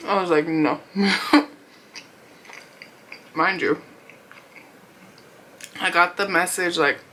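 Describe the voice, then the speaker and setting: A woman's voice: on the low side, fairly even intonation, extremely slow, bright, forceful tone, a little hiss or hum, low-quality recording. A young woman vlogger casually telling a rambling story while eating, laughing often and acting out what people said. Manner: chatty, rambling, lots of "like" and quoted dialogue. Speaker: mukbang vlogger.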